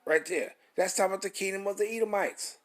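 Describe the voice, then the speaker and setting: A man's voice: high-pitched, fast talker, a bit bright. A man, preaching scripture in an emphatic, repetitive style, with rhetorical questions and swearing. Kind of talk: street-style scripture teaching.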